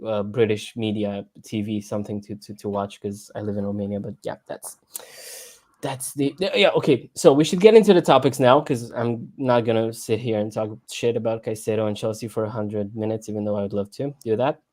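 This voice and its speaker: A man's voice: on the low side, steady tone, a little fast, a little mellow. A man co-hosting a casual football livestream, rambling and stammering with sarcastic asides. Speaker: livestream co-host. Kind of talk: casual football podcast chat. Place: home room, lives abroad.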